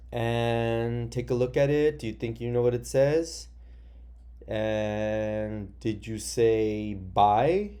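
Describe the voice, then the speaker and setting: A male teacher giving a recorded phonics lesson to young children from his office, patient and slow, spelling words out letter by letter. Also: fairly low pitch, mellow.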